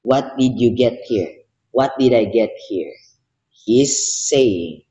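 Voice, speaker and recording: A man's voice: medium pitch, lively intonation, slow, mellow, highs cut off. A man reading the Bible aloud, commenting on it with emotion and passion, then praying. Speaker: Bible reader. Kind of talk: devotional Bible reading and prayer.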